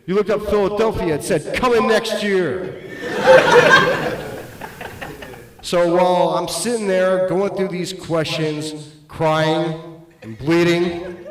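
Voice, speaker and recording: A middle-aged man doing stand-up, telling self-deprecating stories that swing between loud bursts and muttered asides. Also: high voice. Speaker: stand-up comedian. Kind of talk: stand-up comedy storytelling. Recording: roomy echo.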